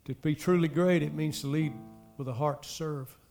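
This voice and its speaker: Pastor guy preaching, slightly high voice, gets loud then drops quiet, talks right at the crowd. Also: fairly even intonation, moderate pace, gravelly, faint music behind. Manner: preaching with emphatic swells and soft drops; addresses the congregation directly. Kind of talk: sermon.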